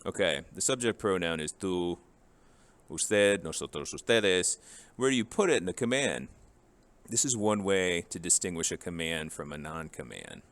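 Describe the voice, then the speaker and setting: A man with a very low, deep voice runs a grammar lesson. His delivery is casual and joking, and he walks through forms one at a time. The tone stays relaxed and explanatory throughout. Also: normal speed. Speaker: Spanish teacher.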